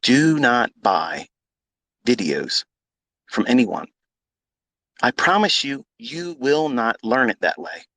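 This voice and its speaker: A man's voice: medium pitch, very animated, takes it slowly, pauses often, pushed and bright, no room sound. A man who mentors traders, talking in a live audio room in a blunt, combative way, swearing often and repeating himself for emphasis. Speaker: trading mentor.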